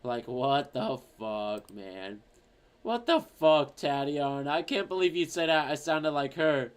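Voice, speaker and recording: A man streaming, chatting casually and reading out viewer comments in an animated, rambling, profane way. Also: mid-range voice, unhurried, clear, resonant tone.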